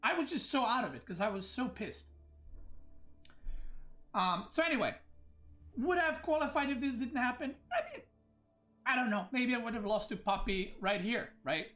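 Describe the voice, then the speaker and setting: A man's voice: very high-pitched, lively intonation, moderate pace, long pauses, pushed and bright, soft background music. A man streaming, ranting agitatedly about an unfair referee decision, upset and stumbling over his words. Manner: agitated, ranting, frequent restarts. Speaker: esports player and streamer. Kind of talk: livestream rant.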